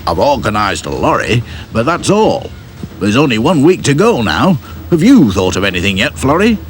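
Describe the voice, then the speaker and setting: A grumpy middle-aged factory boss grumbles gruffly, as a man voices him. His words come out short and put-upon. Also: mid-range voice, big pitch swings, moderate pace, a little hiss or hum, voice pushed up, lightly acted. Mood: worried.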